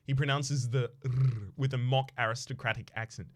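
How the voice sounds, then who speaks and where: A man's voice: medium pitch, steady tone, brisk, few pauses, a bit bright. A man reading game narration and characters aloud in a wry way.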